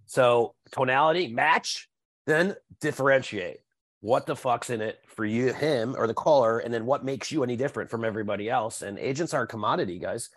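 A man's voice: mid-range voice, fairly quick, no echo. A man hosting a casual podcast chat, speaking bluntly and swearing freely while mimicking callers. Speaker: podcast host.

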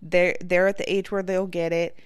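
A woman, a parent, lays out her view plainly and frankly in casual conversation. Her voice is on the low side, recorded close and dry. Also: flat delivery, normal speed, clear, resonant tone, dry recording. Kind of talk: casual chat.

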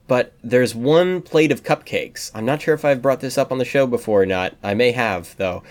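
A man's voice: mid-range voice, normal speed. A man co-hosting a podcast in casual, teasing conversation. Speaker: podcast co-host. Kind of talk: casual chat.

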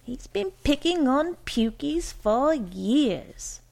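A woman voicing a fussy, excitable middle-aged mother in a read-aloud story, with a slow, gravelly voice. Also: fairly high pitch, exaggerated voice. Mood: fussing. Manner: quick, fussing.

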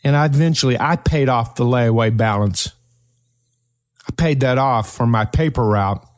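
An older man from eastern Kentucky, hosting his own podcast and telling a personal story in an earnest, motivational way with slow, emphatic phrases. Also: medium pitch. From eastern Kentucky, Appalachia. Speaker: podcast host.

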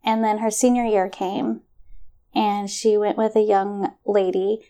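A middle-aged woman telling a personal story in conversation, animated and acting out the voices of others, often laughing. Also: medium pitch, a little slow. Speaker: guest.

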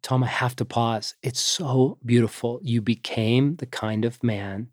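A man hosting an interview speaks in a measured, earnest way, summing up his guest's story in long lists. His voice sits at an ordinary pitch and is recorded close, with a dry sound. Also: no echo. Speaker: interview host. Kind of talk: reflective interview talk.

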